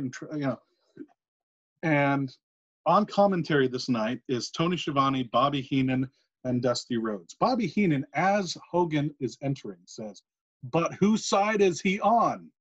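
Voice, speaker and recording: Animated man recapping old wrestling shows. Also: on the high side. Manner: animated retelling with quick asides. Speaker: podcast co-host. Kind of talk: casual podcast storytelling. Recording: muffled lo-fi recording.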